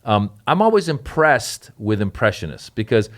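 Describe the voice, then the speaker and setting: A man's voice: lowish voice, sing-song, moderate pace. A middle-aged man hosting a comedy podcast, talking in an upbeat, chatty, joking way. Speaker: podcast host. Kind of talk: casual comedy podcast chat.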